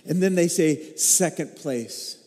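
High-voiced pastor preaching in a reverberant hall. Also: male voice, slow. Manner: emotive storytelling, rising to excited peaks. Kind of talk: sermon.

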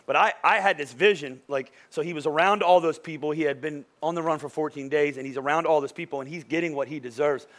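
A man in his thirties preaching a sermon as pastor, telling stories in an animated way and often tossing "right?" to the congregation. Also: fairly high pitch, fast talker, few pauses. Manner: animated storytelling, frequent "right?" asides.

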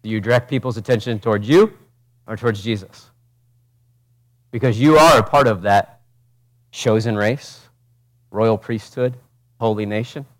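A man, a pastor, preaching a passionate sermon, swinging from loud urgent peaks to quiet intimate asides and asking the congregation direct questions. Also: on the low side, moderate pace, long pauses. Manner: preaches with rhetorical questions and acted quotes.

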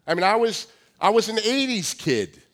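A man's voice: high voice, sing-song, moderate pace, fairly bright tone. A nasal man in his forties with a Long Island accent, preaching a joking, self-deprecating sermon with lots of restarts. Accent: Long Island New York. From Long Island, New York. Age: 40s. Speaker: pastor.

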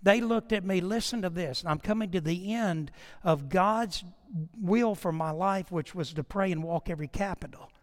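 Middle-aged male preacher, high voice, animated storytelling sermon, long hall reverb. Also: moderate pace. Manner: animated storytelling, acts out prayers and dialogue. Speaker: pastor.

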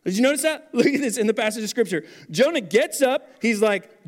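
A man in his thirties preaching a sermon as pastor, animated and then dropping to quiet intensity. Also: sits high, a little fast.

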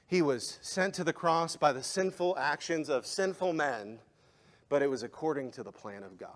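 A man preaching a sermon as pastor, impassioned, rising to emphatic peaks and then dropping quiet. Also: mid-range voice. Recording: long hall reverb.

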